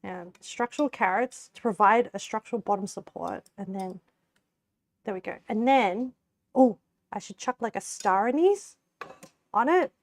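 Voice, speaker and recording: A young Australian woman chats with viewers as she cooks live, giggling and rambling with lots of "like." She has a mid-range, animated voice at a normal speed.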